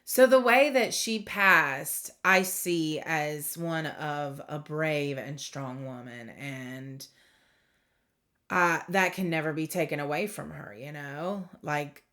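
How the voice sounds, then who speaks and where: A woman giving a tarot reading to camera, speaking in a heartfelt, reflective way with pauses and fillers. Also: low voice, bright, forceful tone. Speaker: tarot reader.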